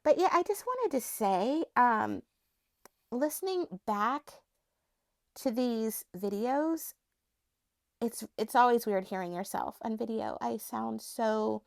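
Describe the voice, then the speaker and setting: A woman collector with a high, thin voice, rambling casually and laughing often as she shows her dolls. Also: expressive, slow pace, vocal fry, dry recording, studio quality. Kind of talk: casual unscripted vlog chat.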